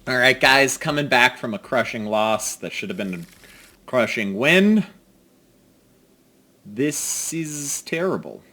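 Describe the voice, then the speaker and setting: A man speaks slowly and pauses often as he plays a card game, his medium-pitched voice bright, forceful, and lively in intonation. His casual commentary is self-mocking, ranging from mutters to outbursts, with faint music behind.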